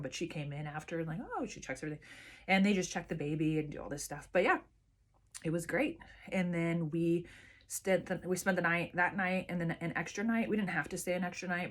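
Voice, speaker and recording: Chatty woman vlogger, lowish voice. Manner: chatty, rambling, many fillers and restarts. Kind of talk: casual storytelling to camera.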